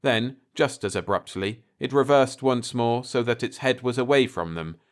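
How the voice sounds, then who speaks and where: A man narrating a bedtime story in a calm, unhurried way. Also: mid-range voice.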